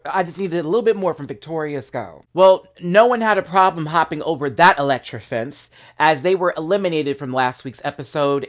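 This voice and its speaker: A man giving a casual, sassy recap of a reality competition episode, with quick asides and bursts of laughter. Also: fairly high pitch. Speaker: show reviewer.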